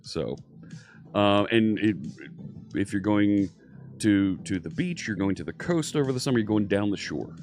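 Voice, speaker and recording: A man's voice: fairly low pitch, expressive, normal speed, a little mellow. A man from Philadelphia with a light Philadelphia accent, teaching programming in a casual, upbeat live-stream chat and greeting viewers by name. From Philadelphia, USA. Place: home studio. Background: faint synthwave music.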